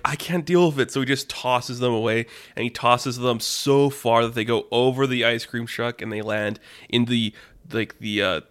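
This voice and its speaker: A man's voice: fairly low pitch, fairly bright tone, no echo, clean studio sound. A man telling an improvised story in a rambling, filler-heavy way, laughing at his own jokes.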